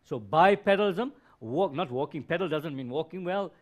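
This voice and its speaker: Slow, emphatic male biology teacher. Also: a little high, animated. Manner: explains slowly, repeats key terms, asks rhetorical questions. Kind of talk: live-streamed classroom lesson.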